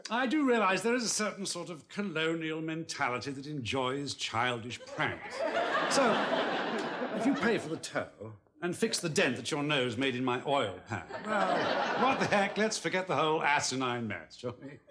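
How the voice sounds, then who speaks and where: A man plays a flirtatious, huffy English neighbor with a plummy English accent and a high, swooping voice. He is smug and prissy. The recording carries a loud hiss. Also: lively intonation, moderate pace, natural voice. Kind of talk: 1990s sitcom acting. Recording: loud hiss, studio audience laughter.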